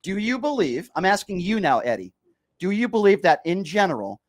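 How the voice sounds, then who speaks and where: A man's voice: a little high, very animated, fast. A male radio host arguing with a caller on a call-in show, combative and sarcastic, often interrupting. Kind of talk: heated call-in radio debate.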